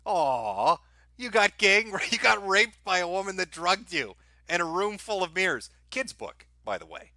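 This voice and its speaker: A man's voice: high voice, big pitch swings, normal speed, pushed and bright, dry recording. A man live-streaming crude, sarcastic commentary over an audiobook, mocking it and laughing often.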